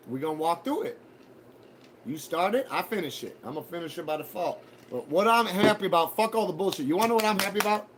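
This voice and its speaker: Chatting casually with his viewers, this male streamer rambles and curses, shifting from relaxed talk to mock threats and back. He sounds slightly high-pitched for a man, and a faint hiss runs beneath the audio.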